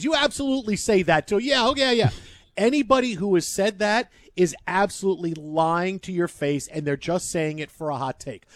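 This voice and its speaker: A man's voice: high voice, no room sound, clean studio sound. A man hosting sports talk radio, ranting emphatically and repeating himself as he argues.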